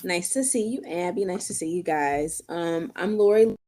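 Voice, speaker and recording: A woman with a notably low voice introduces herself on a video call panel. She sounds relaxed and talkative, chatting loosely between fillers. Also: normal speed. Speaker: panelist, business founder.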